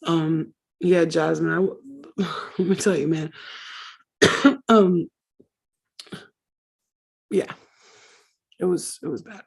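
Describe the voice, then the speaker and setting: A woman's voice: on the low side, slow pace, gravelly, long pauses, slightly rough. A middle-aged woman hosting a livestream, telling profane, laughing stories in casual chat. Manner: profane, laughing, animated storyteller. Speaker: livestream host.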